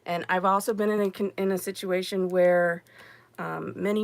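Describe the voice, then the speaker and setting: A middle-aged woman hosting a podcast, telling stories in a casual monologue that rises high when she gets exasperated. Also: moderate pace, vocal fry, dry recording. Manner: animated storyteller, rising high when exasperated. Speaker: podcast host.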